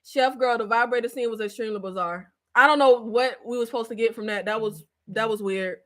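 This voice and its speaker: A woman hosting a casual live-stream recap chat, animated and slangy, laughing often, with a stuffy nose and scratchy throat. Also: a little high, brisk.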